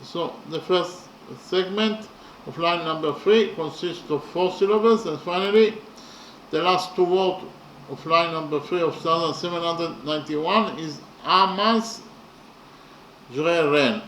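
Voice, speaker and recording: A man talks through a poem in a careful, unhurried lecture, stopping often to count and restate each point. His voice sits a little high and moves very slowly. The sound rings in a reverberant room with a faint hum of ambience. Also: fairly bright tone. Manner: slow and methodical, with many pauses and fillers. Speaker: lecturer on poetry. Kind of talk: slow explanatory lecture.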